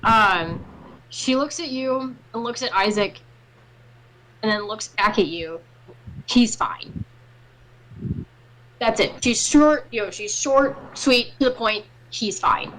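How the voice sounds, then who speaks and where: A woman's voice: fairly high pitch, expressive, measured pace, a bit bright, low-quality recording. A woman narrating a tabletop game as game master, loose and chatty with frequent fillers.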